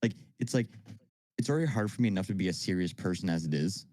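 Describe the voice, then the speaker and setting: A man's voice: sits low, lively intonation, quick pace, darkish tone, no echo. A young man co-hosting a podcast, telling stories in a laid-back, rambling way. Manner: laid-back storyteller, lots of fillers. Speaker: podcast co-host. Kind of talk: casual chat.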